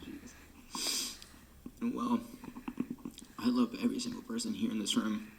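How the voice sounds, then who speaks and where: A teenage drum major speaks in a mid-range, gravelly voice. He fights back tears, sighs, and slips into a whisper as he thanks his band. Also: lowish voice, flat delivery, a little fast, slight background noise. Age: late teens. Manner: choked up, often dropping to a whisper, sighing. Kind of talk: emotional farewell speech. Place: band room.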